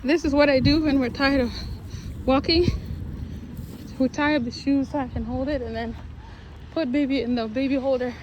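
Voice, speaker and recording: A woman's voice: high-pitched, fairly even intonation, normal speed, long pauses, a little mellow, dull audio. A woman chatting playfully in baby talk while she walks outdoors, vlogging on a handheld camera. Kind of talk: casual vlog chat while walking with a baby. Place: outdoors by water in a city park. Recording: faint outdoor noise.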